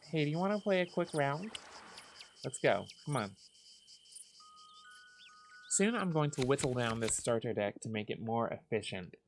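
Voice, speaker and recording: A man giving calm, soft, unhurried commentary as he plays a cozy game for sleepy listeners. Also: mid-range voice, noisy background. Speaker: gaming channel host.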